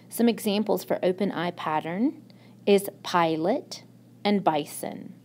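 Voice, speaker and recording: A woman's voice: on the low side, dark tone, slight background noise. A woman teacher giving a recorded phonics lesson in a patient, encouraging classroom manner. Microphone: tablet microphone.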